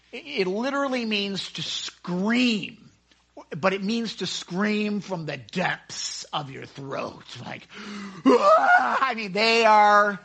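A man leading a casual Bible study into a microphone, excitable and chatty, often acting out the scenes he describes. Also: high voice, vocal fry, husky. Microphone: handheld microphone.

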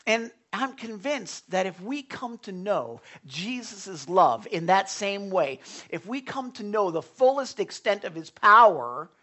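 A man's voice: high-pitched, big pitch swings, a little slow, pushed and bright. A man of Italian background preaching a sermon as pastor, earnest and conversational, with frequent restarts.

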